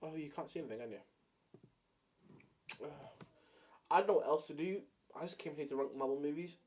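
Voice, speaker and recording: A man's voice: a little high, a little fast, darkish tone, husky. A young man in casual solo commentary, rambling with many fillers and jokey hot takes. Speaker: video creator ranking films.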